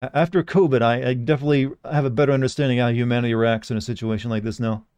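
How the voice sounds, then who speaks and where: A man's voice: mid-range voice, fairly even intonation, rapid-fire, a little mellow, smooth, dry recording. Jokey sarcastic male streamer. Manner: jokey and sarcastic, reads game dialogue aloud. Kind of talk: casual gameplay commentary.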